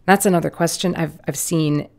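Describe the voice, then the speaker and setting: A young woman with a low, slightly hoarse voice and plenty of vocal fry talks through a drawing session. She rambles casually, tossing in playful jokes and asides. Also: fairly even intonation, moderate pace. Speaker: art vlogger. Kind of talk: casual commentary while drawing.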